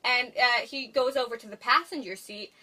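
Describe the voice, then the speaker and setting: A young woman casually retelling a movie's plot as a podcast co-host, full of fillers and quick character voices. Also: on the high side, pushed and bright. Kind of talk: casual movie recap chat.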